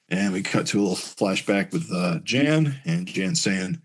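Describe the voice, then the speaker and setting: A man's voice: low voice, lively intonation, unhurried, few pauses. A man hosting a podcast, casually reading a comic aloud with plenty of fillers. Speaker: podcast host.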